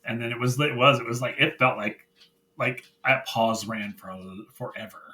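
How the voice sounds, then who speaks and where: A man co-hosting a wrestling review podcast, chatting casually and retelling scenes in animated, excited bursts. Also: medium pitch, moderate pace, poor audio. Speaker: podcast co-host.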